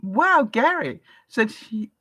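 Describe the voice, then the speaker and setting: A woman's voice: fairly high pitch, sing-song, slow, a bit bright, husky, no room sound. An older woman with an English accent, chatting on a live stream and reading viewer comments aloud, laughing often. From England. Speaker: vlogger. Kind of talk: casual live-stream chat.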